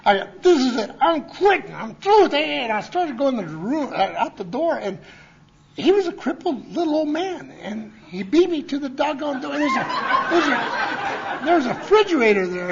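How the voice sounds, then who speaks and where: A man's voice: very high-pitched, very animated, moderate pace, gravelly, slight background noise. A man at a conference, telling his recovery story in a folksy, rambling way, with many restarts, and acting out the voices of the people he quotes. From Montana. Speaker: conference speaker. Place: conference hall. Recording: lo-fi conference tape.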